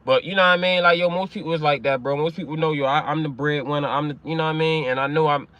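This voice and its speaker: A man's voice: a little high, steady tone, rapid-fire, a bit bright, clean tone, dry recording, dull audio. A man hosting a commentary channel, talking in loose slang and repeating "you know what I mean" constantly. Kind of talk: casual commentary.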